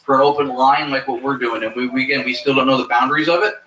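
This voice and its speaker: A man's voice: medium pitch, steady tone, fast, bright, forceful tone. A man who investigates the paranormal, explaining his theories at length with joking asides in a live interview at a fair. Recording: echoey, distant from the mic, faint noise.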